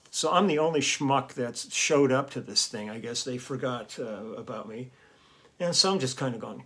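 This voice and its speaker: A man hosting his own vlog, telling a casual, rambling story with chuckles and fillers. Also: mid-range voice. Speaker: vlog host and musician.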